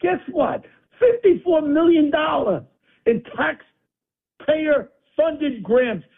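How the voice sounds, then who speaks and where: A man's voice: extremely high pitch, lively intonation, slow pace. A man ranting angrily and hurling insults as a caller on a talk radio show. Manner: combative, insulting, blustering. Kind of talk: angry political rant. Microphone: phone. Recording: tinny phone line.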